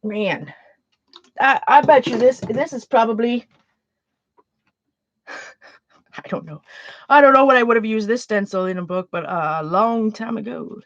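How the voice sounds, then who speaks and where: A woman's voice: on the high side, normal speed, no echo, dull audio. A Canadian woman chatting casually on a livestream while making art, rambling and often restarting her sentences.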